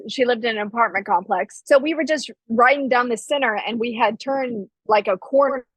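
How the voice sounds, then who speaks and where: A woman's voice: on the high side, brisk, fairly bright tone, husky, no echo, poor audio. A woman co-hosting a fitness podcast in a casual chat, teasing and asking pointed questions. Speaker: podcast co-host.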